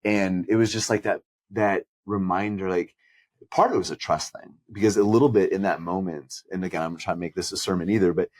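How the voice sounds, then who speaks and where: Deep-voiced earnest man in dry recording. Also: steady tone, a little fast, darkish tone, no room sound. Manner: earnest, reflective storytelling. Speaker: podcast co-host and pastor. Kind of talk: conversational podcast chat.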